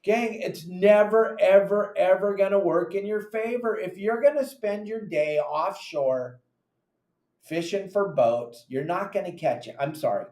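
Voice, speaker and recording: A man hosting a fishing podcast as a captain, giving casual, animated advice and acting out his friends' lines. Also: sits high, unhurried, roomy sound. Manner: animated, acts out friends' voices in quotes.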